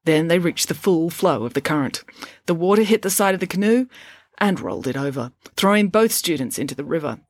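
Lively woman narrating a children's book. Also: fairly low pitch, fairly quick, dry recording, clean studio sound. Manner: expressive, even storytelling. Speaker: audiobook narrator. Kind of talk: storybook narration.

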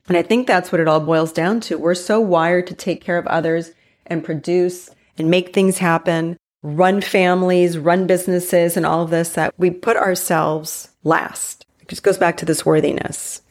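A woman in her forties hosting a solo motivational podcast, chatty and emphatic, slowing down to stress her key points. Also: on the low side. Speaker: podcast host.

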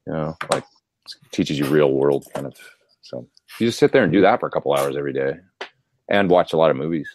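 A man's voice: extremely low pitch, lively intonation, brisk, long pauses, a little mellow, slight background noise. A man chatting casually and at length, answering viewer questions about gear and hobbies. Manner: rambling, chatty. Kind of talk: casual chat.

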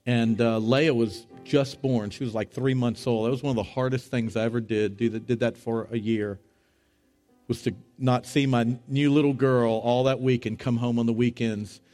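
A middle-aged man preaching as a pastor, telling a story with animated, rising voices for the people in it. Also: normal speed, soft background music. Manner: animated, rising to high excited voices when retelling dialogue. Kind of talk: sermon storytelling.

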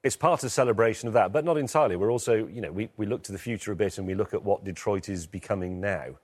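A man's voice: fairly low pitch, quick pace. A British man speaking as an interview guest over a remote link, hesitant and full of fillers, with a dry, wry way of putting things. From Britain. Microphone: remote line from London.

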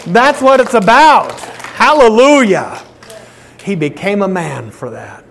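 A man preaches with a fairly high voice, his sermon rising into loud, declaring lines before falling to quiet, tender passages. He repeats and restarts phrases in a fervent pulpit cadence. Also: very animated, slow, vocal fry, slight background noise. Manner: swings from loud proclaiming to soft, hushed pleading. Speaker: pastor.

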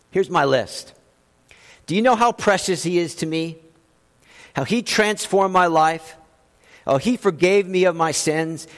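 A man's voice: high voice, in a large hall. A man preaching a sermon as pastor, driving his points home with emphatic rhetorical questions.

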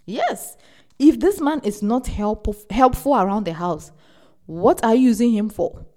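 A young woman hosting a podcast, giving casual relationship advice in an animated, emphatic way and repeating words for stress. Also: a little high, a little slow. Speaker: podcast host.

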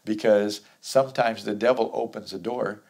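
A man's voice: lowish voice, steady tone, normal speed, gravelly, darkish tone, slightly rough. A man teaching through a Bible chapter verse by verse, reading scripture aloud and then explaining it in a conversational way.

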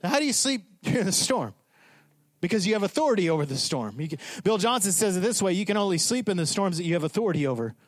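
A man preaching a sermon as pastor, animated, acting out the people in his story. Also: high-pitched, fast, dry recording. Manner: animated, acts out voices of disciples.

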